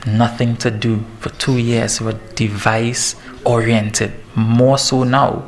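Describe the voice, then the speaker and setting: A man in his thirties, a fitness trainer giving a lively, joking talk to parents. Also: medium pitch, slow pace, a little hiss or hum. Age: 30s. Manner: lively and joking, laughs at himself. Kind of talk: presentation to parents.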